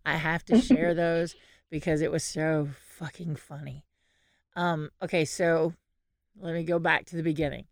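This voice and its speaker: A woman co-hosts a casual podcast, telling animated stories where she swears freely and laughs often. Her voice is low-pitched at a normal speed, recorded dry with clean studio sound.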